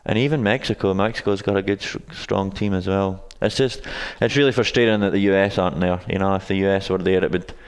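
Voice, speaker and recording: Low, flat-voiced Scottish man in his twenties. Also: quick pace, hardly any pauses, clear, resonant tone, long reverb tail. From Scotland. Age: 20s. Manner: hesitant, many ums and restarts. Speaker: guest, college soccer coach. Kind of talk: casual interview answers.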